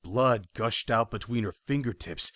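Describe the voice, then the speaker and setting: A man narrating a thriller audiobook in the first person, with expressive storytelling. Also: mid-range voice, measured pace, no room sound, studio quality.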